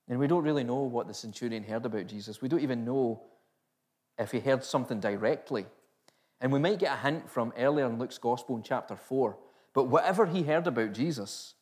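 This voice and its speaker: A man's voice: medium pitch, a little mellow. Man preaching with rhetorical questions. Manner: questioning, emphatic, rhetorical repetition. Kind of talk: sermon.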